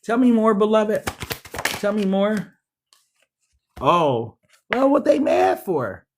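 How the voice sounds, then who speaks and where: A man giving a casual, animated tarot reading, swearing freely and talking back to the cards. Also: sits high, slow, noisy background. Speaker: tarot reader.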